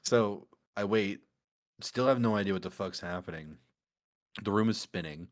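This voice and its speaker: A man casually telling a story among friends, animated and laughing often as he goes. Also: lowish voice, normal speed. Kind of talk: casual chat.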